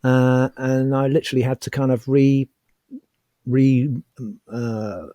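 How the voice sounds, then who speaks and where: Speaking slowly in a mid-range voice with no room sound, a middle-aged former racing driver chats casually as a podcast guest. He spins animated stories and acts out the quotes within them.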